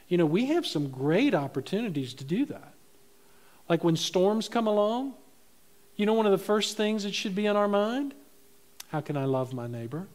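A man preaching a sermon as pastor of his church, animated, swinging between loud emphasis and soft, low asides.

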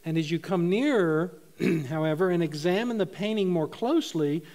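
A man's voice: on the high side, normal speed, darkish tone. A middle-aged man preaching a sermon, telling funny stories and laughing at his own jokes. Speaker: pastor.

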